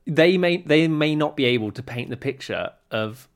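A man's voice: a little high, expressive, moderate pace. Young guy on a podcast, jokey and teasing, laughs at himself. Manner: joking, teasing, self-mocking. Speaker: podcast co-host. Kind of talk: casual chat.

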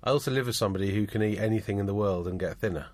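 A man's voice: fairly low pitch, racing, a little mellow, no echo. A middle-aged man, a scriptwriter guesting on a podcast, talking dryly and mocking himself. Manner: dry, self-deprecating. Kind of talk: casual chat.

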